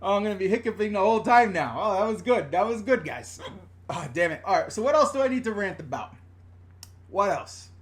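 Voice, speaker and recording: A middle-aged man from the New York and New Jersey area rants on a live stream from a room at home. His voice sits high for a man. He is blunt and chatty, swears freely and reads viewer comments aloud as he goes. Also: expressive, fairly quick. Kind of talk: casual live-stream rant.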